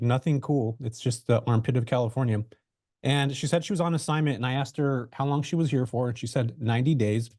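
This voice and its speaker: A man's voice: mid-range voice, dark tone, no room sound, clean studio sound. A man guest on a webinar interview, telling his story in a loose, conversational way with lots of fillers and restarts, over a video call mic. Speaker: real estate investor guest.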